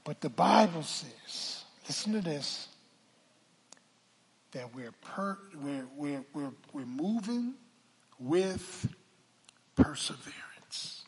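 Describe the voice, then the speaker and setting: An older man preaching a sermon from the pulpit, calling for a witness and swinging from hushed asides to shouts. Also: on the high side, expressive, slow pace, slightly rough. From Philadelphia. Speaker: pastor. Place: church sanctuary. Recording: church hall reverb.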